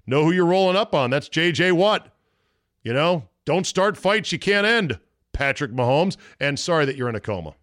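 A man's voice: medium pitch, fairly bright tone, no room sound, clean studio sound. A man hosting a solo sports podcast, blunt and profane, mocking the takes he quotes. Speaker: podcast host. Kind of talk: opinionated solo sports talk.

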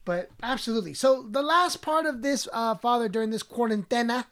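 A woman's voice: on the high side, fairly quick. A woman hosting a podcast in casual chat, joking and slangy. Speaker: podcast host.

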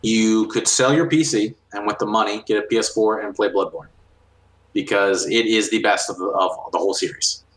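A man's voice: lowish voice, steady tone, moderate pace, a bit bright. A man co-hosting a casual gaming podcast, explaining enthusiastically with many restarts. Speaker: podcast co-host. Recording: roomy echo.

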